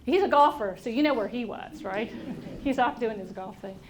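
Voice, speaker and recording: A middle-aged woman speaking to an audience, telling a personal story in an animated way and acting out the voices of people she quotes. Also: on the high side, normal speed. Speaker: invited speaker. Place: auditorium at a workplace event.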